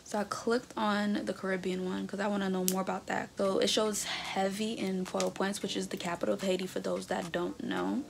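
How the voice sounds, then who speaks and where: Chatty young woman with a gravelly edge. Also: mid-range voice, fairly quick, few pauses, a little hiss or hum. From North America. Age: 20s. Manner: chatty, animated, reading results aloud with reactions. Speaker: vlogger. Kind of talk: casual reaction vlog. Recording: background music under the voice. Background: music.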